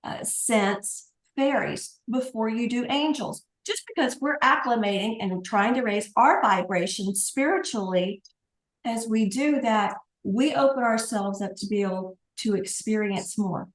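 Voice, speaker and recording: A woman's voice: on the high side, a little slow, reverberant, poor audio. A woman guest on an interview, an angel communicator, telling stories in a chatty way with light laughs. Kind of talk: casual interview talk.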